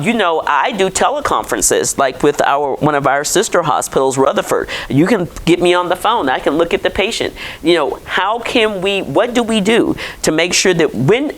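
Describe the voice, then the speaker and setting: A woman's voice: on the low side, poor audio. A woman physician giving a conversational conference lecture and putting questions to the audience. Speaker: physician presenting to clinicians.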